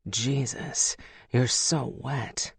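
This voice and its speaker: A narrator doing a low, teasing werewolf lover. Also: very slow, gravelly, slightly rough, no echo, clean studio sound, exaggerated voice. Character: lustful man, a werewolf lover.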